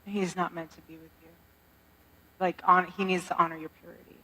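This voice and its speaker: A woman's voice: lowish voice, level tone, brisk, sharp tone, low-quality recording. A woman giving a motivational speech to an audience, exhorting and preachy in tone.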